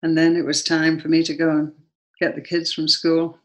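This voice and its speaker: A woman's voice: sits low, monotone, moderate pace, poor audio. A woman with an English accent, a guest sharing a personal story earnestly and then leading a prayer. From England.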